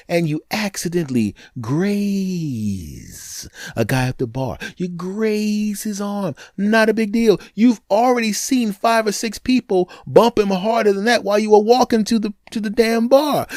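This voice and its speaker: Animated man telling comic stories. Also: high voice, moderate pace, dry recording, studio quality. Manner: animated, sarcastic, big swings between loud and hushed. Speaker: podcast host. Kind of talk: comedic storytelling monologue.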